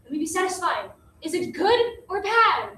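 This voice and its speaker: A woman plays an eager young girl in love who cannot wait for news. The voice is very high and lively with a pleading push. It sounds distant in an echoey hall with faint noise. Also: moderate pace, heavily acted. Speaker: amateur stage actor. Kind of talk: unrehearsed stage reading. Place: theater stage.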